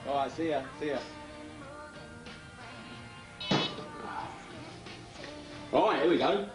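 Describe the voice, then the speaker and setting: An actor playing a cheeky young footballer from South London, full of jokey banter. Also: male voice, on the high side, very fast, echoey room, music in the background, natural voice. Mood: chatty. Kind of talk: TV drama dialogue.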